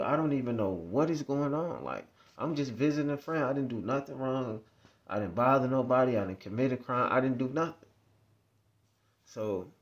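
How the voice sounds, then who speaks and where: Man vlogger, middle-range voice, loose rambling story talk. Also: mid-range voice. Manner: rambling, repetitive, conversational. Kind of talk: casual storytelling monologue.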